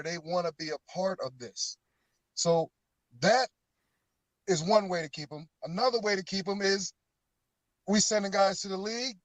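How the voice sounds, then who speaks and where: A middle-aged man, a former pro football player, chatting as a guest and telling stories, getting animated when he quotes teammates. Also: high-pitched, no room sound, low-quality recording. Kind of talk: casual phone interview.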